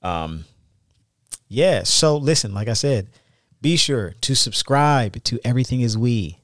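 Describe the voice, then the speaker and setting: A man co-hosting a podcast with his wife, relaxed and playful as he wraps up the episode. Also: medium pitch, no room sound, clean studio sound. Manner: laid-back, playful, drawn-out sign-off. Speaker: podcast co-host. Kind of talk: casual podcast chat.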